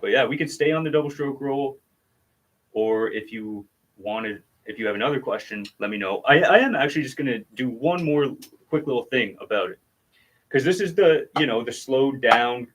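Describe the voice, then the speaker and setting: A man's voice: medium pitch, animated, moderate pace. A man giving a casual drum lesson on a livestream, patiently explaining technique and counting out strokes as he demonstrates. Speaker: drum teacher.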